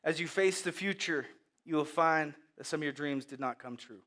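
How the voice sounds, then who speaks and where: A man preaching a sermon as pastor, moving from hushed, quiet lines to loud, animated storytelling. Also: a little high, normal speed.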